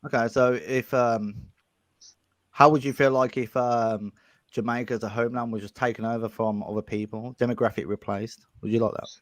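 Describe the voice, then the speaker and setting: A man's voice: mid-range voice, fairly even intonation, moderate pace, no room sound. Hesitant, stammering English man. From England. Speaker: caller. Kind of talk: casual livestream chat.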